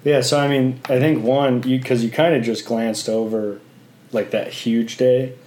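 A man's voice: medium pitch, steady tone, measured pace, darkish tone, slight background noise. A man in his late twenties co-hosting a podcast, joking and rambling in casual chat. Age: 20s. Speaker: podcast co-host. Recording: echoey room.

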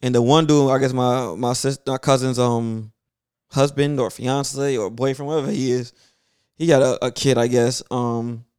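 A man's voice: medium pitch, steady tone, moderate pace, darkish tone, clean tone, no echo, studio quality. Brooklyn man with a New York accent. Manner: loose, storytelling, slangy. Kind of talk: casual chat.

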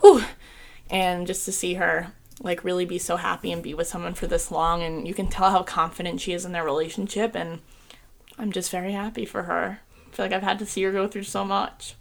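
A woman's voice: lowish voice, little pitch movement, brisk, creaky. A young woman co-hosting a casual podcast, gushing and emotional, choked up and near tears, with lots of "like" and "um". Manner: gushing, emotional, says "like" and "um" a lot. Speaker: podcast co-host.

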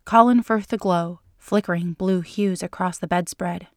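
A woman narrating a fan fiction story in an even, measured reading. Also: lowish voice, no echo, clean studio sound.

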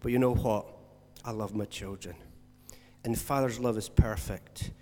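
A man preaching a sermon as pastor, earnest, swinging between loud stressed words and soft, slowed emphasis. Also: on the low side, fairly even intonation. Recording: long hall reverb.

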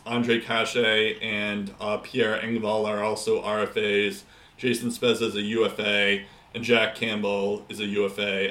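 Male podcast co-host, chatty and halting, sharp lowish voice, roomy echo. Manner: rambling, many fillers and restarts, laughs often. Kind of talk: casual hockey podcast chat.

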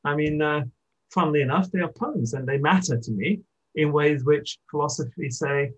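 A man with a husky, somewhat breathy voice talks about poetry in a reflective interview. His delivery is thoughtful and halting, with frequent restarts as he works through an idea. His pitch sits a little high for a man. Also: low-quality recording. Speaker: poet, interviewee. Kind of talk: reflective literary conversation.

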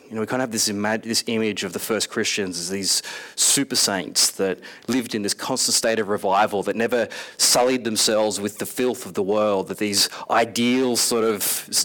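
A man preaching a casual sermon in an animated, conversational way, acting out scenes with voices. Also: on the low side.

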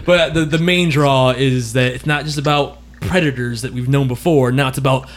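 A man's voice: medium pitch, steady tone, normal speed. A man hosting a podcast, chatting loosely about movies, often laughing and swearing. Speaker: podcast host. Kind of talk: casual movie chat.

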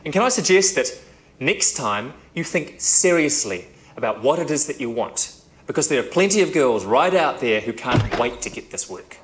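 A man playing a casting director in a comedy sketch, talking in a brisk, pushy and impatient way. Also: mid-range voice, animated.

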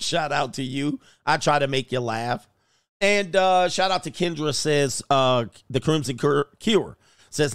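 A man's voice: a little high, a little slow, a bit bright, clear, resonant tone, no echo, studio quality. A man hosting a casual livestream, joking and laughing as he reads out viewer comments. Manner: joking, laughs often, slangy. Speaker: show host.

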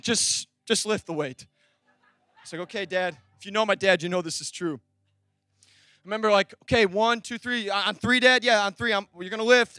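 A young man delivers a lively sermon in a very high voice. The sound is dry and close, with no room around it. He tells stories and acts out the voices in them. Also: no room sound. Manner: energetic, storytelling, acts out dialogue. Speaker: pastor.

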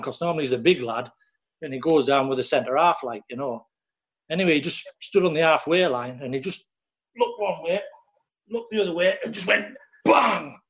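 A man telling a long casual story about his playing days, full of "like" and "you know what I mean". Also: on the high side. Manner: rambling, lots of "like" and "you know". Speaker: former footballer guest.

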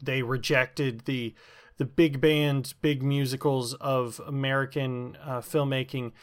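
A man's voice: mid-range voice, little pitch movement, takes it slowly. A man explaining something at length in a casual comic chat, with plenty of ums and restarts. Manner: rambling explanation with many fillers and restarts.

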